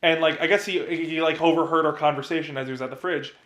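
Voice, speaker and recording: A man's voice: on the high side, fairly even intonation, quick pace, a bit bright. A young man from New Jersey, co-hosting a podcast and telling a rambling story in casual chat, often repeating himself. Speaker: podcast co-host. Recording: roomy echo.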